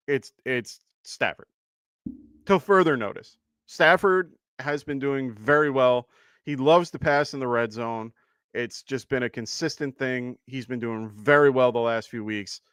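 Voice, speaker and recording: A man's voice: mid-range voice, a bit bright, no echo. Man, live-stream host, casual chat, dry close sound. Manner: chatty, laughs often, thanks viewers. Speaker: fantasy football show host.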